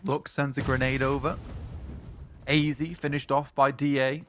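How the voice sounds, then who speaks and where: A man's voice: medium pitch, little pitch movement, moderate pace, a bit bright, soft background music. A man giving laid-back color commentary on an esports match. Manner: laid-back, banter-prone. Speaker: esports co-caster.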